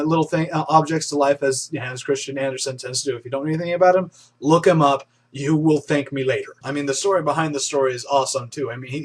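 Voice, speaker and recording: A man's voice: fairly high pitch, slightly rough. A young man hosting a casual online news roundup, chatty and enthusiastic, with frequent restarts and fillers. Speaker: host of an online news show.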